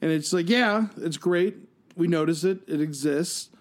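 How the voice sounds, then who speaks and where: A young adult man hosting a casual talk show, telling lively stories with acted-out quotes and laughing at his own punchlines. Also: a little high, a little slow. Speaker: podcast host. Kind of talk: casual storytelling chat.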